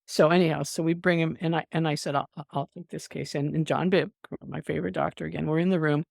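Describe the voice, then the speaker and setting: An older woman, a veteran emergency nurse, telling stories from her career in a casual podcast interview, lively and quick to laugh. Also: deep voice, creaky, no echo, clean studio sound. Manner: animated storyteller, breaks into laughter, many restarts.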